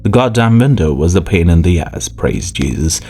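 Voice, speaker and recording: A man narrating an audiobook in a measured, expressive way. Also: low-pitched, vocal fry. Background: faint music.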